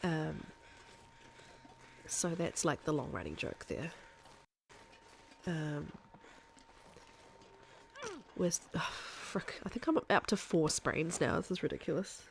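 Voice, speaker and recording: Chatty woman with a softened New Zealand accent. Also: deep voice, slow, vocal fry, long pauses, slight background noise. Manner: chatty, rambling with many fillers. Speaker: streamer. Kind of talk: casual live game commentary.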